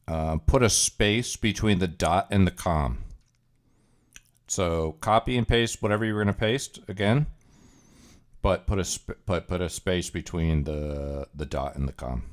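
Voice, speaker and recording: A man hosting a livestream, chatting casually as he reacts to clips, rambling with plenty of fillers and chuckles. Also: deep voice. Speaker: livestream host.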